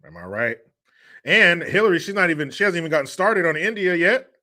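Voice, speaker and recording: Brief: male livestream host from the US, lively bright delivery, crude and jokey, swears freely. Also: sits high, brisk. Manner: crude, joking, drawling asides with profanity. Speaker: show host reading live chat. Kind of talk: casual livestream commentary.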